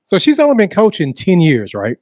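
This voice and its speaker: A man's voice: high-pitched, wildly swooping pitch, fairly quick, darkish tone, no echo, studio quality. A man co-hosting a sports talk podcast, joking and teasing in casual banter. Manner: playful, joking. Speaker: podcast co-host.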